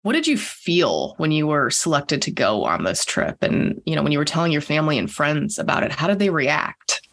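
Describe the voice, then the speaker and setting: An interviewer who guides the conversation with encouraging questions. The voice is mid-pitched with a gravelly texture. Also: big pitch swings, moderate pace, few pauses, fairly bright tone.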